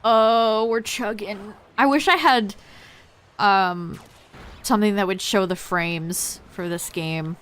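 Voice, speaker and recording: A young woman streamer drawls through a relaxed live gaming chat, talking to her viewers in a slow, easygoing way. Her voice sounds a bit worn and hoarse. Her pitch sits in a plain middle range. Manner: laid-back, chatty, talks to chat. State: voice going hoarse.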